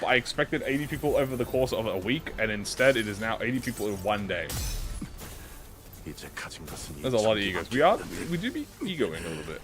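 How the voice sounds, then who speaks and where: A young man live streaming while he plays a game, chatting casually, swearing a lot, rambling through stammered restarts and loudly insisting he is not upset. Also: lowish voice, brisk. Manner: excitable, swears a lot, jumps to deny being upset. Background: game music playing.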